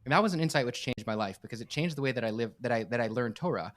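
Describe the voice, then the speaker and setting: A man speaks at a brisk, rapid clip in a mid-range voice, earnest and emphatic as he tells a heartfelt story. He often circles back and restarts his words. He sounds like a rabbi sharing his own experience as a podcast guest. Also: mid-range voice, lively intonation. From United States.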